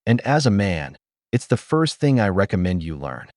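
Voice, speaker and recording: Blunt man with a low lively voice. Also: normal speed, no echo, clean studio sound. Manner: blunt, opinionated. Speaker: commentary host. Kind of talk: reaction commentary.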